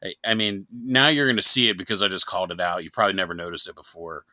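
A podcast co-host from New York, a man with a somewhat low but bright, forceful voice. He rambles and jokes, swearing freely. The sound is dry and close. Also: fairly even intonation, quick pace, no echo. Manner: joking, profane, rambling. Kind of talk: casual chat.

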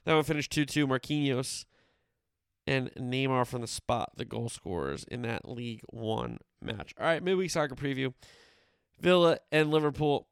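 Animated and speaking at normal speed, this man has a medium-pitched voice that's creaky yet smooth, captured in clean studio sound with no room noise. As a podcast host he gives a casual soccer roundup of scores and previews, chatting loosely, using fillers, and correcting himself.

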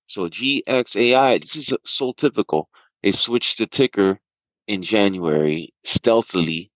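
A man's voice: lowish voice, a little slow, no room sound, highs cut off. A man who trades stocks, rambling through market talk and a party story, restarting sentences often. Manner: rambling, animated, restarts a lot. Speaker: podcast host and stock trader.

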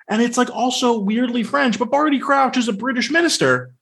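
A man co-hosting a podcast in casual film talk, sarcastic and animated, with many fillers. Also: extremely high pitch, moderate pace, few pauses. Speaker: podcast co-host.

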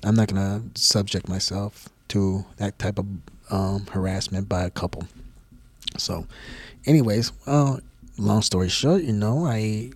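A man's voice: on the low side, unhurried, no room sound. A man hosting a podcast, telling a personal story in a blunt, profane, casual way. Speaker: podcast host.

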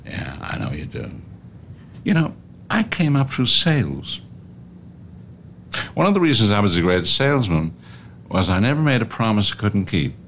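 Film scene: a menacing company boss, very deep and swooping, fake Southern drawl. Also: male voice, sing-song, moderate pace, long pauses, slight background noise. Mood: quietly menacing. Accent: put-on Southern US. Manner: velvety, veiled threats. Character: smooth, menacing older male tobacco company boss. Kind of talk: film drama acting.

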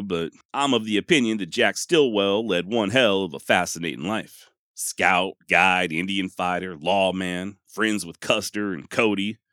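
Male history narrator, low-pitched, folksy and wry, dry studio sound. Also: fairly bright tone, dry recording. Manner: folksy, wry, with salty asides. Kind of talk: scripted storytelling narration.

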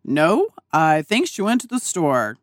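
A woman quoting her calm, terse older father, a retired agent, in a blunt, matter-of-fact way. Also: low-pitched, a little slow, no echo, studio quality, pitched below the performer's own voice, full character voice.

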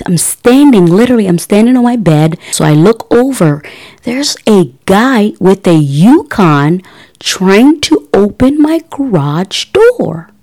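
A woman's voice: low-pitched, darkish tone. A woman in her thirties telling a personal story to her audience in a casual, chatty way, with many fillers and restarts. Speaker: podcast host.

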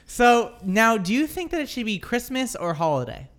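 Lively woman podcast host in a studio, bouncy voice, chatty and upbeat. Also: fairly high pitch, normal speed. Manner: lively, bubbly. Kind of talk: casual group chat. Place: New York studio.

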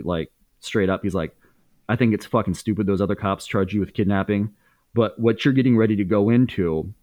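A man's voice: fairly low pitch, dry recording, dull audio. A man in his thirties as a podcast guest, candidly telling a story in casual speech, swearing freely with many fillers and restarts.

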